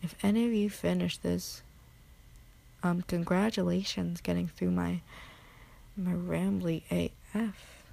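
A woman's voice: fairly low pitch, fairly even intonation, unhurried, vocal fry, pauses often, dark tone. A tired woman rambling late at night in a recorded audio answer, drifting into half-whispers, mocking herself and swearing casually. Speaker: amateur audio creator.

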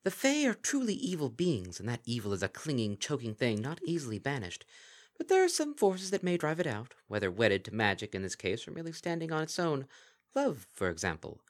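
A man's voice: mid-range voice, wildly swooping pitch, fairly quick, voice pushed up. A man voicing a regal winged princess in a storybook reading, speaking in a formal, archaic manner. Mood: regal calm. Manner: archaic formal speech, dignified.

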